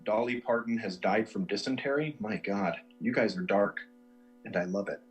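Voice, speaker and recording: A man's voice: lowish voice, normal speed, soft background music, poor audio. A man hosting a comedy livestream, rambling through viewer suggestions with self-mocking asides. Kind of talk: casual livestream chat.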